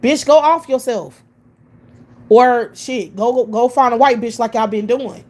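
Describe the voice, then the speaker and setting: A woman's voice: fairly high pitch, a little slow, a little mellow. A woman from the United States delivering a profane, scornful rant full of repeated rhetorical questions. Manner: scornful, repetitive rhetorical questions, heavy swearing. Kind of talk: profane ranting monologue.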